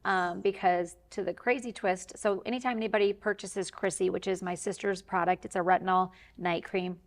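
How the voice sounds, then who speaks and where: A woman's voice: medium pitch, fairly even intonation, normal speed. A woman speaking as a talk show guest, telling a family story in a rambling, heartfelt way with many fillers. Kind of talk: candid interview talk.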